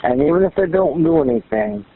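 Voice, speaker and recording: A man's voice: on the high side, lively intonation, fairly quick, vocal fry. A man in a casual phone conversation, giving advice in a coaxing, loose, rambling way. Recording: tinny phone line with faint noise.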